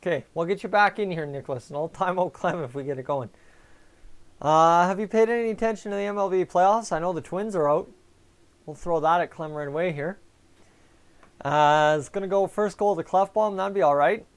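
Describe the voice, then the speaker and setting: A young man with a high-pitched voice talks briskly while hosting a live fan stream over a headset mic. He chats casually about the game and answers viewers by name.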